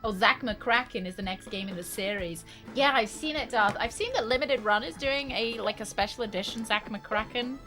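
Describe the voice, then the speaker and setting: A woman's voice: a little high, moderate pace, few pauses, sharp tone. A woman chatting casually on a live stream while playing a game, answering viewers' comments as she goes. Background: game music.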